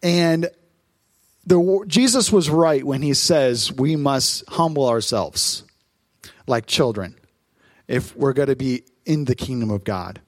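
A man, a pastor in his thirties, preaching a sermon on stage in church, telling family stories in a lively, animated way. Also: medium pitch, no room sound. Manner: warm storytelling, lively, quick asides.

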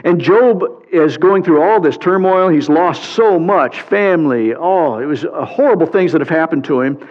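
A man preaching a sermon as a pastor, reading scripture aloud in an animated way with playful sarcasm. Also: on the high side, normal speed. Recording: muffled sound with long hall reverb.

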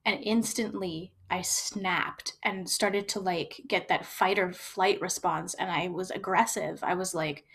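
A woman's voice: lowish voice, steady tone, unhurried, vocal fry, hardly any pauses, fairly bright tone. Candid woman recounting her own story. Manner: candid and reflective, frequent fillers and restarts. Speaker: storyteller sharing personal experience.

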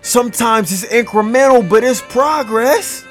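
A man hosting a podcast, giving a slow, encouraging motivational talk and leading a breathing exercise, repeating his words. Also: very high voice, faint music behind. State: gasping for air at times. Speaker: podcast host.

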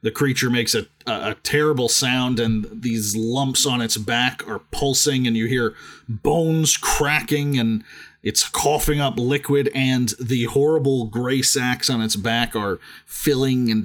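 A man co-hosting a podcast, chatting casually about a book, rambling with lots of restarts and frequent laughter. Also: medium pitch. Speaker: podcast co-host.

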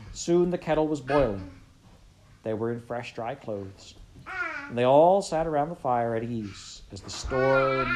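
Deep-voiced woman reading a storybook. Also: background noise. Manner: expressive and measured. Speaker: audiobook reader. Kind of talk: storybook narration.

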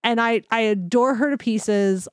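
A woman co-hosting a podcast, chatting casually and gushing enthusiastically with quick asides. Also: on the high side, smooth, dry recording, clean studio sound. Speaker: podcast co-host. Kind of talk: casual chat.

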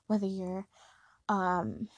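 A woman's voice: mid-range voice, flat delivery, takes it slowly. A young woman hosts an advice podcast from her bedroom and talks loosely, full of fillers. Her delivery stays level with little rise and fall, and the sound is dry with no room echo. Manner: chatty and rambling, many fillers. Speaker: podcast host. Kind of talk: casual advice monologue. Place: bedroom at home.

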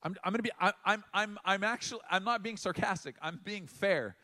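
A middle-aged man giving a sermon in a conversational way, with emphatic pauses and frequent restarts. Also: high voice, animated, pushed and bright. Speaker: pastor.

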